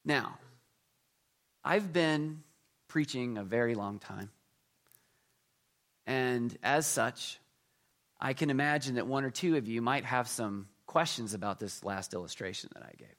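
A man's voice: mid-range voice, a little slow, long pauses. Preacher man with big swings in volume. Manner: humorous storytelling, swings between loud emphasis and quiet asides. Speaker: pastor. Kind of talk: sermon.

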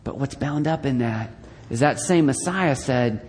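A male pastor giving a conversational sermon with joking asides, swinging between loud bursts and quiet, hushed lines. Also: medium pitch, measured pace. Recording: long reverb of a large hall.

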